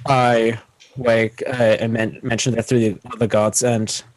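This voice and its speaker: Halting man planning his tabletop moves. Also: mid-range voice, level tone, poor audio. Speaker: player. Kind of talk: playing a tabletop game.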